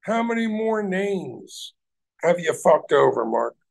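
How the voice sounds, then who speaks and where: Gravelly man ranting on a livestream. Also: high-pitched, sing-song, slow pace. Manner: heated, confrontational, swears heavily. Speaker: livestream host. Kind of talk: profane ranting livestream chat.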